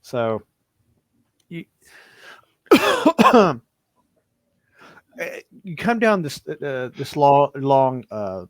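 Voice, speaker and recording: A man's voice: medium pitch, big pitch swings, very slow, pauses often, no room sound. A man narrating a tabletop horror game as game master, telling the story in a loose, improvised way. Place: home streaming setup.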